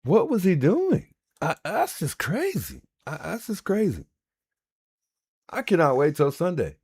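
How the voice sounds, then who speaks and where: A man's voice: a little high, wildly swooping pitch, measured pace, a little mellow, husky. A man hosting a livestream, reacting in casual commentary and repeating himself in disbelief. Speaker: livestream host.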